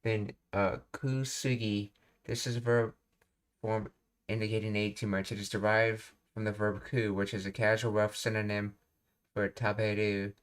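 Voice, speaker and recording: A man's voice: fairly low pitch, level tone, moderate pace. A man teaching a language on a live stream, reading out explanations, thinking aloud and asking himself questions as he works through a sentence.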